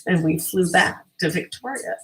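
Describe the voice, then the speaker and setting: A woman's voice: lowish voice, moderate pace, faint music behind, poor audio. A woman, likely older, chatting her way through an art tutorial while hiccuping, rambling and laughing at herself. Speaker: artist. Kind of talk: casual craft tutorial.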